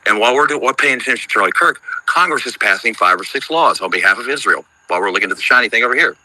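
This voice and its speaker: A man's voice: medium pitch, lively intonation, racing, bright, forceful tone, rough recording. A man in his fifties calling into a live audio chat, talking in a worried, rambling, emphatic way. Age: 50s. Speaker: caller on a live audio room. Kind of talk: casual chat.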